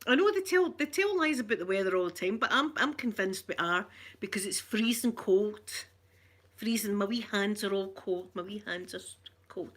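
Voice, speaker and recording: An older Scottish woman chatting softly and affectionately in an ASMR vlog, rambling along and greeting viewers by name. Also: mid-range voice, animated, moderate pace. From Scotland. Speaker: ASMR vlogger.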